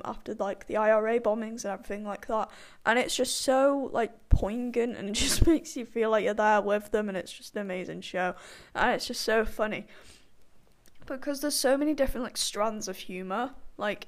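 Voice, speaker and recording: A young woman rambling in a casual chat, full of fillers and frequent laughter. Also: medium pitch. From partially Irish background.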